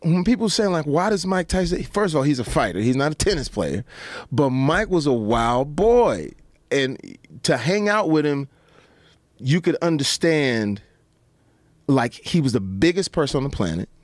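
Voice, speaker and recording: Animated man telling stories. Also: mid-range voice, moderate pace, no room sound. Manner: animated, anecdotal, frequent voice switches. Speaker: podcast guest. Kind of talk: storytelling podcast chat.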